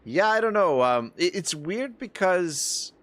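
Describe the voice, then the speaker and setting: A man's voice: high voice, big pitch swings, measured pace, a bit bright. A man from Nova Scotia with a Canadian accent, chatting rambly through a live game stream and reading chat messages aloud. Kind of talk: casual live-stream gameplay commentary. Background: faint game music.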